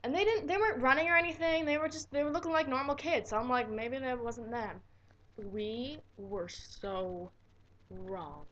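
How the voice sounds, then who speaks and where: High-voiced teen girl vlogging, muffled. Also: quick pace, hardly any pauses, a little hiss or hum. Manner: animated, swears freely, dramatic retelling. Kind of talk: casual storytelling vlog.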